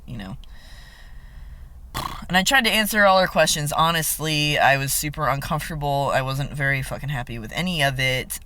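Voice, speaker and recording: A man's voice: medium pitch, sharp tone. A young man talking frankly in a personal vlog, venting bluntly and swearing freely, with frequent filler ums. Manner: blunt and heavily profane. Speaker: vlogger.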